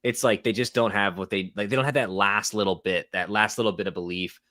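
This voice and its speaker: Low-voiced, opinionated tennis co-host man. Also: fairly even intonation, fairly quick, sharp tone, no room sound, clean studio sound. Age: young adult or middle-aged parent of an infant. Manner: opinionated, chatty, bursts of laughter. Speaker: co-host of a live tennis watchalong. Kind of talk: casual live sports commentary.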